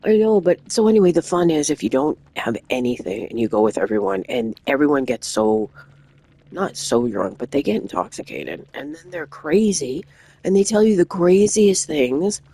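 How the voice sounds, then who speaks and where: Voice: medium pitch, sing-song, moderate pace, warm tone, slightly rough, no room sound, rough recording. A gaming streamer telling a long anecdote in a casual, rambling way, full of restarts and asides. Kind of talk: casual storytelling while gaming.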